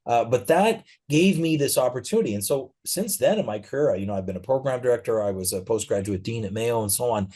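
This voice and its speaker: A middle-aged man speaking as a guest in a conversational interview, telling stories in a relaxed way with frequent fillers. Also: mid-range voice, fast, few pauses.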